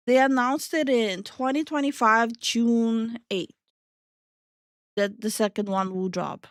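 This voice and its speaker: A woman's voice: a little high, fairly even intonation, takes it slowly, dry recording. Chatty young woman streamer, dry sound. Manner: chatty and playful, laughs often, swears casually. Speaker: streamer and VTuber host. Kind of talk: casual live-stream chat, reading chat aloud.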